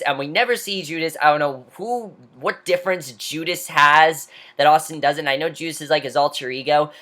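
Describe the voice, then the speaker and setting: A woman's voice: low voice, fairly bright tone. Opinionated woman recapping a reality show. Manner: opinionated, with frequent fillers and restarts. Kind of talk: casual recap commentary.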